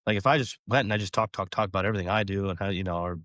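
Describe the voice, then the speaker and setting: Fast-talking low-voiced man, rambling. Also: fairly bright tone, no echo. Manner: rambling, filler-heavy, acts out conversations. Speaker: college baseball head coach. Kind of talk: casual podcast interview.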